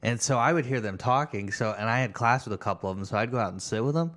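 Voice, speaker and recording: A man's voice: medium pitch, fast talker, a bit bright. A man chatting casually on a podcast, telling rambling stories full of fillers. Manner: rambling, filler-heavy storytelling. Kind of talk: casual chat.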